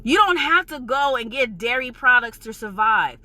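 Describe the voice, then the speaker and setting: Heated, high-voiced New York woman ranting. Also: animated, normal speed, sharp tone, dry recording. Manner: heated, emphatic and profane, insisting she is passionate, not angry. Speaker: vlogger. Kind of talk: ranting vlog.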